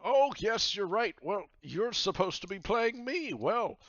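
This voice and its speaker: A man doing a boisterous pirate captain with a big, hearty voice that jumps high and swings all over. The sound is bright and dry, a little dull and lo-fi. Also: very animated, a little slow, no room sound, exaggerated voice. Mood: jovial.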